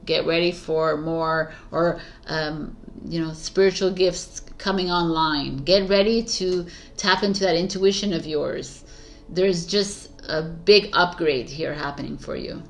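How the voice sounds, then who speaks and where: A woman with a lowish voice reads tarot cards in an easy, casual way. She talks with eager emphasis, stacking repeated words to drive a point home, and drops an offhand swear now and then. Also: measured pace, soft background music. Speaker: tarot reader. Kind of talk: casual spoken tarot reading.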